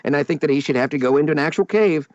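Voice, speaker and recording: A man in casual chat, animated and laughing often as he rants. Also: fairly high pitch, racing, no room sound, dull audio.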